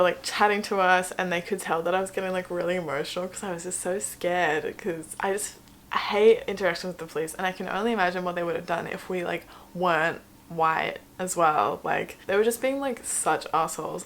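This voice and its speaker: Young aussie girl rambling thru a story, lowish voice, says like a lot. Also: fairly quick, fairly bright tone, slight background noise. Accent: Australian. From Australia. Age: young adult. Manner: chatty, swears, lots of "like". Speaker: vlogger. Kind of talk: casual storytelling.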